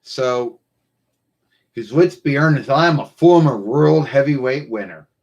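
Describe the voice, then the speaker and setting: A man's voice: medium pitch, unhurried, darkish tone, muffled recording. A man hosting his own live stream, talking casually and rambling, often circling back to repeat himself, into what sounds like a computer mic.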